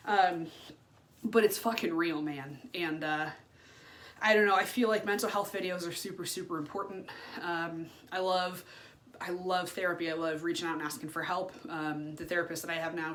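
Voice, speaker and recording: A woman's voice: on the low side, steady tone, moderate pace, fairly bright tone. Frank, swearing woman in her thirties. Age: 30s. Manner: frank and unfiltered, swears freely, many fillers. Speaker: vlogger. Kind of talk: candid personal vlog monologue.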